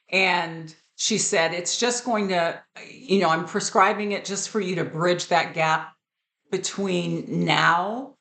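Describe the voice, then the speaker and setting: A woman's voice: fairly low pitch, fairly bright tone, reverberant. A woman in her fifties talking candidly and earnestly to camera in a personal vlog. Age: 50s. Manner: candid, earnest, with fillers and repeats. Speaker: vlogger.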